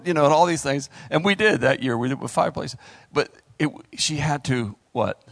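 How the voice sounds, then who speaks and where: A middle-aged male pastor preaching a sermon, animated, acting out voices and talking straight to the congregation. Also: on the high side, normal speed, vocal fry, no echo.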